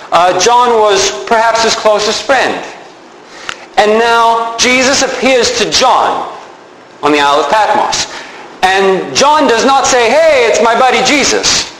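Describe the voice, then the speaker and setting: A man's voice: sits high, reverberant, a little hiss or hum, poor audio. A man preaching a sermon, telling stories with energy and acting out the people in them. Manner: animated storytelling, acts out the people in his stories.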